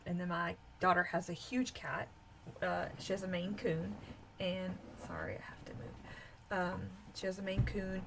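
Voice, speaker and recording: Tired woman streamer chatting at home, creaky voice, meandering and full of ums. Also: mid-range voice, a little hiss or hum. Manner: rambling, with frequent fillers. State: tired, yawning. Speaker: live streamer. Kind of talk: casual live stream chat.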